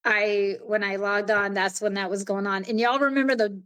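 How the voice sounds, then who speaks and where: A woman in her thirties speaks as a podcast guest sharing long-held personal experiences. Her voice sits in a middle pitch range, and she talks in a candid, earnest, chatty way. She often restarts a thought and adds asides along the way. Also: fairly even intonation, moderate pace, a bit bright. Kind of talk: recounting personal experiences in casual conversation.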